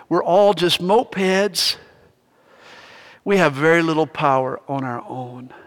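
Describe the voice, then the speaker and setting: A male pastor preaching a sermon, telling stories with animated energy. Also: fairly high pitch, in a large hall.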